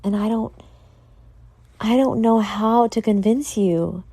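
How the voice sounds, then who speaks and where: A woman's voice: medium pitch, slow, dark tone, husky, dry recording. A tired, yawning woman hosting a casual solo podcast, earnestly motivating her listeners and speaking to them directly. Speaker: podcast host.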